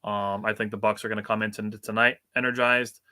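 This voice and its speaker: A man's voice: on the low side, flat delivery, quick pace, bright, forceful tone. A young man from Wisconsin with a Wisconsin accent, co-hosting a casual sports podcast in a chatty, easygoing way. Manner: chatty, laughs easily, puts on silly accents.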